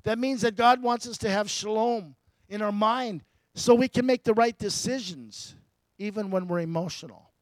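High-voiced man preaching casually. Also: normal speed, no echo. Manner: conversational preaching, asks the congregation questions, chuckles often. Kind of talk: sermon.

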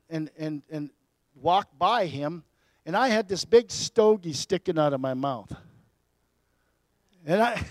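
A man preaching a personal testimony as a sermon, telling his story with big swings between loud and quiet. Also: high-pitched, no room sound.

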